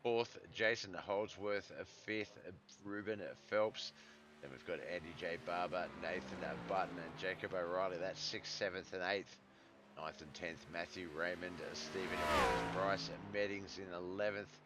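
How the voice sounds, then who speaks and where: Calling a live sim truck race, an Australian commentator rambles easily, correcting himself and using many fillers as his voice begins to go. He speaks at a normal speed in a low voice, with background noise present.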